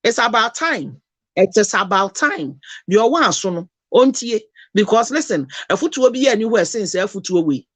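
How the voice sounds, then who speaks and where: A woman's voice: medium pitch, animated, normal speed, no room sound. A Ghanaian woman talking passionately, mixing Twi and English in an emotional, preachy lecture. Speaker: host.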